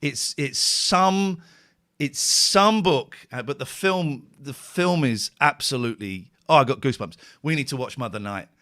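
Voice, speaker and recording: A middle-aged man rambles through a casual radio chat, his pitch swinging widely as feeling takes over. He sounds worn out and near tears. The studio sound is close and dry. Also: lively intonation, unhurried, bright, forceful tone, dry recording. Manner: emotional, rambling, tearful at times. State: tired. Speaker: radio host. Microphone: studio microphone.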